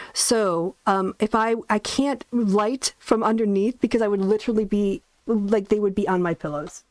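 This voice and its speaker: A woman's voice: medium pitch, darkish tone, no echo. A woman hosting a casual livestream from her bedroom, chatting in a rambling way and laughing often. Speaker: host. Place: bedroom, sitting on bed. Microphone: soundproofed desk mic.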